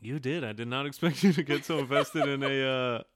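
A man co-hosting a podcast in casual chat, talking in a measured, explanatory, easygoing way on a close mic. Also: mid-range voice, dry recording. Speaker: podcast co-host.

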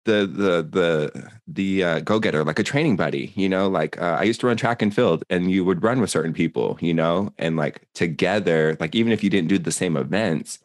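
A man's voice: sits low, brisk, no echo, studio quality. A young man co-hosting a casual chat, talking in a loose, rambling way. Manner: rambling, many fillers and restarts. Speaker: podcast co-host.

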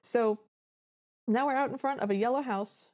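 A woman's voice: on the high side, moderate pace, darkish tone. A woman co-hosting a podcast, recapping a film in casual chat with wry, dramatic storytelling. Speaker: podcast co-host.

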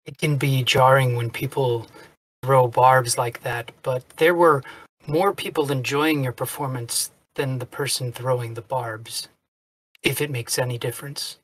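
A man's voice: mid-range voice, fairly even intonation, unhurried, fairly bright tone. A man playing in a tabletop game, speaking politely and easygoing, in character. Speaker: player.

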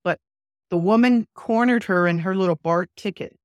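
A woman's voice: mid-range voice, moderate pace, no echo. Earnest woman minister telling a story. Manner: animated, vivid retelling that acts out quoted dialogue. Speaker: podcast guest. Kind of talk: personal storytelling in an interview.

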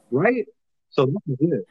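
A man in his thirties telling a long, animated, profane story in casual podcast chat, laughing now and then. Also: on the high side, husky, lo-fi sound.

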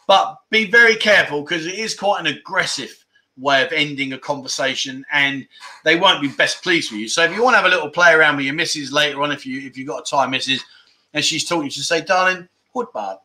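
A man's voice: a little high, quick pace, bright, forceful tone. Giggly man hosting a livestream. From England. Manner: giggly, laughs often between lines. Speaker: livestream host. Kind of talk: casual livestream chat reading viewer comments.

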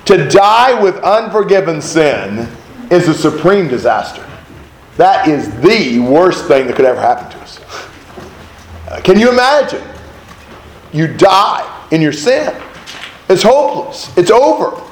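A man's voice: high-pitched, measured pace, long pauses. Emphatic man teaching a Bible study. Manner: emphatic, animated, with rhetorical questions. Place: room with a group of listeners. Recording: roomy echo, faint background noise.

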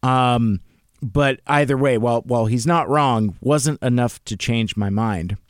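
A man's voice: mid-range voice, unhurried, no room sound, clean studio sound. A middle-aged man hosting a podcast, chatting casually and rambling with lots of fillers and restarts. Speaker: podcast host. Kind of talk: casual chat.

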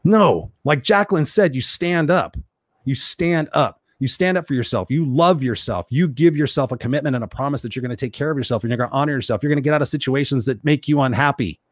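Fast-talking blunt motivational man. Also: medium pitch, dry recording, studio quality. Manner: blunt, profane and emphatic, repeating phrases for force. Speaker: live-stream host reading viewer comments. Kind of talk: motivational live-stream talk.

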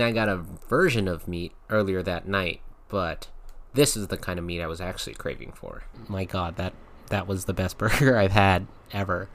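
A man hosting a podcast, telling a frank comic story in a casual, animated way and laughing often. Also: deep voice. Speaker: podcast host.

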